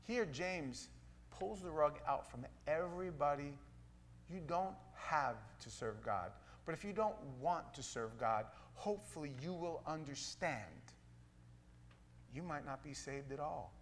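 A middle-aged man, a pastor, preaching a sermon in a folksy, playful way that swings from loud to hushed. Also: a little high, animated, measured pace, a little hiss or hum.

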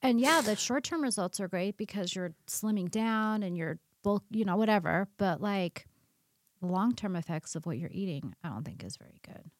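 A woman guest on a podcast interview, talking about diet in an opinionated, animated way. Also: mid-range voice, moderate pace, no room sound, studio quality. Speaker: guest nutrition practitioner. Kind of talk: casual conversational interview.

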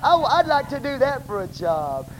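Texan pastor guy preaching, very high voice, blunt, yells at times, noisy church recording. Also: very animated, unhurried. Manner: blunt, shouts in bursts, Southern church preaching. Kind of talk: sermon. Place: church sanctuary.

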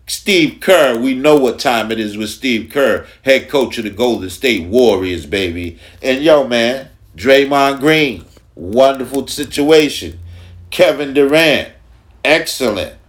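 Slow, emphatic New sports host. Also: male voice, medium pitch. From Long Island, New York. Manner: slow, emphatic, repeats phrases. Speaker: podcast host. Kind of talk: casual sports talk.

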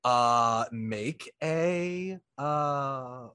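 A man narrating a tabletop game as game master, describing scenes in a measured way. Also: mid-range voice, pushed and bright, clean tone, dry recording.

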